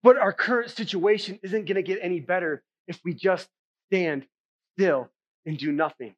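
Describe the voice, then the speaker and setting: A male pastor delivers a sermon in a casual, talky way, often checking in with "right?" and "okay?". His voice sits high. The recording is slightly dull and muffled. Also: lively intonation, normal speed, fairly bright tone. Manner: conversational preaching, frequent "right?" and "okay?".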